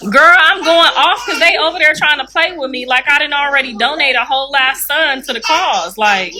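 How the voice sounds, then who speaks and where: A middle-aged woman with a high, bright, froggy voice that sounds a little like Kermit the Frog. She chats animatedly and casually to her livestream viewers, calling them y'all and laughing often. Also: moderate pace. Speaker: livestreamer and mother.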